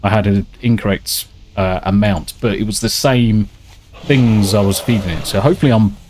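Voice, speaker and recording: A man's voice: on the low side, moderate pace, darkish tone. Swearing man streaming a game. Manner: swearing, rambling and chatty, reads out viewer messages. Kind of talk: casual gameplay chat.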